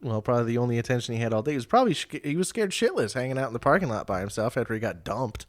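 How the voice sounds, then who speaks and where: A man's voice: mid-range voice, very fast. Laughing man telling a story. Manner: animated storyteller acting out quotes, laughing often. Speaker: podcast co-host. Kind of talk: casual chat, storytelling.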